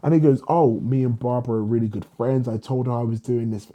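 Young guy, low and dark-toned, husky edge, lively storyteller who acts out the dialogue. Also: fast talker. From England. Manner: animated storyteller, acts out dialogue, swears freely. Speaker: guest, writer. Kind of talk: casual storytelling in a podcast conversation.

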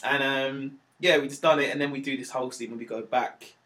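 A man, a comedian telling stories in a casual chat, animated and slangy, acting out quotes in a raised voice. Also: mid-range voice, brisk. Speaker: comedian guest.

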